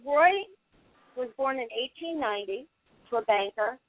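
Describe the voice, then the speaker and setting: A middle-aged woman, a paranormal investigator, telling long animated stories as a guest in a radio interview. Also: high voice, moderate pace, dry recording. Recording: tinny dry phone line.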